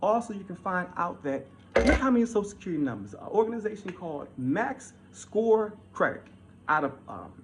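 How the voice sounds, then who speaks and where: Man, fairly high voice, ranting and heated, repeats himself, faint hiss behind. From Baltimore. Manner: heated, repetitive, swings from loud to low. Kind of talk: ranting monologue.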